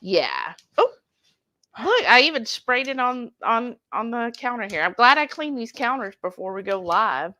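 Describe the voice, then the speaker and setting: A woman co-hosting a cooking livestream from a home kitchen, chatty and excitable, bantering as she cooks. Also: on the high side, moderate pace. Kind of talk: casual livestream cooking chat.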